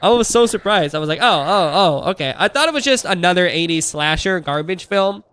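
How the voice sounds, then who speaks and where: A man's voice: sits high, brisk, fairly bright tone, clean tone. A man in his thirties chatting casually on a live stream, rambling through asides and laughing often.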